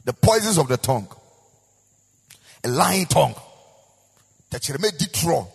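Ghanaian preacher guy, kinda husky, pitch a bit up, long echo like a big church hall. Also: big pitch swings, slow. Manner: preaching with sung, rising and falling emphasis and repetition. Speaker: pastor. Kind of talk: sermon. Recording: echoey hall with long reverb.

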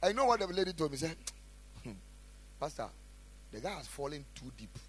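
A man preaching a sermon as a pastor, asking the congregation questions and swinging between shouted lines and quiet asides. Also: a little high, sing-song, fairly quick, breathy edge, rough recording. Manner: preaching with call-and-response questions.

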